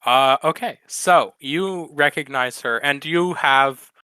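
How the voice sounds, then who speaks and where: Bright-voiced man running a tabletop game. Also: on the high side, slow pace, smooth, no room sound. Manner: relaxed, explanatory, laughs easily. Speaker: game master.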